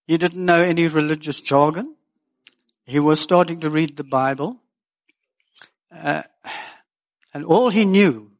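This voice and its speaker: An older man preaching a sermon as pastor, folksy and earnest with joking asides. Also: on the high side.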